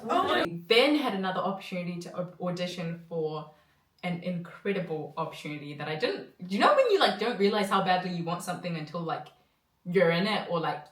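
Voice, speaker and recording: A woman rambles excitedly in a casual vlog. Her voice sits on the low side and is picked up from a distance, with an echoey room around her.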